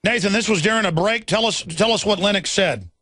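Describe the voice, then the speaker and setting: High, sharp-voiced male radio host. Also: a little fast, no echo. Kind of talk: talk radio hosting.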